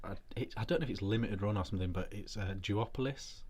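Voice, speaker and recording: A man hosting a casual podcast, relaxed and dry-witted, often restarting his sentences. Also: lowish voice, fast talker, husky. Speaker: host.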